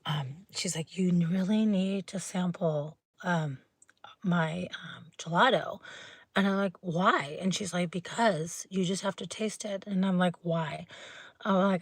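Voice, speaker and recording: A woman's voice: lowish voice, unhurried, slightly rough, no room sound. Chatty woman rambling live. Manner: rambling storytelling, drops to whispers. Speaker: livestream host. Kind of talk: late-night livestream chat.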